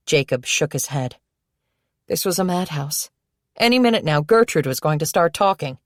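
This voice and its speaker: A woman reading a novel aloud as narrator, in steady, measured storytelling. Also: sits low, no echo, studio quality. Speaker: audiobook narrator. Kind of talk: scripted narration.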